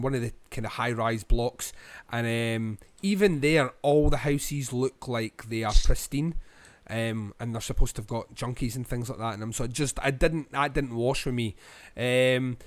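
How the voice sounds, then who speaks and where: A Scottish man co-hosting a podcast, giving a rambling film review full of ums and pauses. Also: mid-range voice, steady tone, no echo. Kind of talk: casual film review chat.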